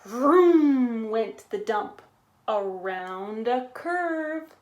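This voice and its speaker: A woman reads a picture book aloud to children, animated and inviting them to join in. Her voice is high and swoops widely, and she takes it very slowly. The room gives the voice a noticeable echo. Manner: animated, with sound effects and call-and-response. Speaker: storytime reader.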